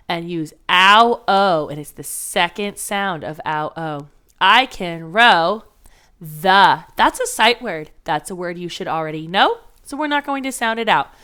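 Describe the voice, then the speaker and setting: Slow, bright-voiced phonics teacher woman. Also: on the low side. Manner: slow, patient, clearly sounded-out letters. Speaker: first grade teacher. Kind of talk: phonics lesson for children.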